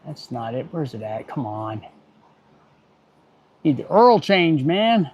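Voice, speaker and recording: A man's voice: a little high, very animated, takes it slowly, a little hiss or hum. A middle-aged man, an automotive technician, chatting casually on a livestream while he works, muttering and getting irritated, with dry jokes. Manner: muttering, easily irritated, joking. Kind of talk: livestream chat while working. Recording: dull lo-fi stream audio.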